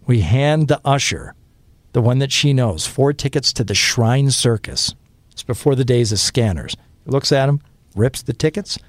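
A man's voice: mid-range voice, darkish tone, no room sound. A man in his fifties from Michigan, a radio host telling stories in a rambling way with many fillers. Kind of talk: casual podcast interview.

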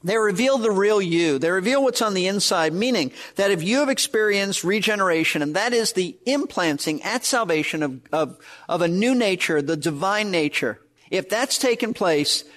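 A man's voice: high-pitched, animated, normal speed, fairly bright tone. A man preaching a verse-by-verse sermon, earnest and emphatic, repeating key words. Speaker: pastor.

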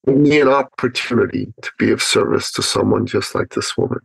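Animated storytelling man, dry sound. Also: fairly low pitch, a little fast, gravelly, slightly rough, no room sound, rough recording. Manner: animated storyteller who acts out his inner thoughts. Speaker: podcast guest, business speaker. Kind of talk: storytelling in an interview.

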